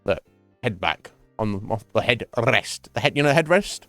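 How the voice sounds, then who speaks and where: A man's voice: mid-range voice, sing-song, moderate pace, fairly bright tone, no echo, faint music behind. A man chatting casually on a gaming stream at home, rambling and swearing freely. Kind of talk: casual chat while gaming.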